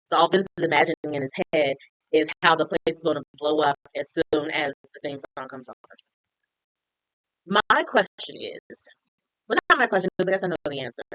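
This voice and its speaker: A woman's voice: sits low, a bit bright, dry recording, low-quality recording. A woman chatting casually as she recaps a TV episode, retelling scenes with lots of "like". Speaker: TV recap reviewer.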